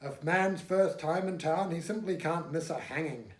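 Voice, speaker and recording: A man's voice: fairly high pitch, normal speed, lightly acted. A man voicing an eager, slightly odd English astronomer who talks in an earnest, insistent way. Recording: echoey room.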